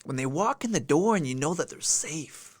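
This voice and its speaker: A man hosts a live stream in a voice pitched a little higher than most men's. He speaks earnestly and with feeling, stopping now and then to answer comments from viewers. His voice is close and dry, with no room sound around it. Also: lively intonation, moderate pace, no room sound. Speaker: livestream host. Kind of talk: heartfelt livestream talk.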